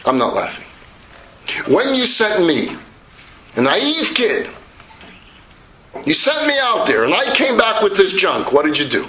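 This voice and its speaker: A man's voice: sits high, very animated, measured pace, pauses often, pushed and bright, reverberant, a little hiss or hum, heavily acted, poor audio. A man doing a naive, earnest young son. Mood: indignant. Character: naive young son, eager to please and easily hurt.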